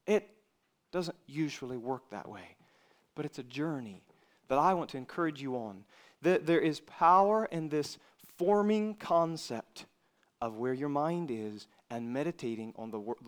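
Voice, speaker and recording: A man preaching a sermon to young people in a fairly high voice. He is earnest, pushing some phrases out hard and dropping others to a near hush. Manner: earnest, swinging between loud emphasis and quiet asides.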